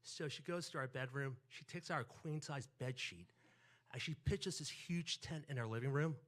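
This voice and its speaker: A man from New York tells a personal story on stage, acting out quotes and the voices of his family with animation. His voice is medium in pitch, and he speaks at a moderate pace.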